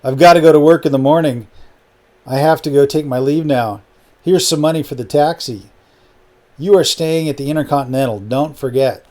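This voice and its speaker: A man's voice: on the high side, moderate pace, warm tone, lightly acted. A man voicing a boastful, self-assured Brazilian host with a thick Brazilian accent in an audiobook. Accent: Brazilian (put on). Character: smooth-talking Brazilian male host, boastful. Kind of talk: audiobook character reading.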